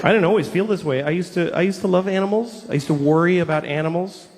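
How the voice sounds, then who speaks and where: A man in his forties performing a stand-up comedy routine, animated and dropping into exaggerated put-on voices. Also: high voice, fast talker. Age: 40s. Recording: live show in a reverberant hall.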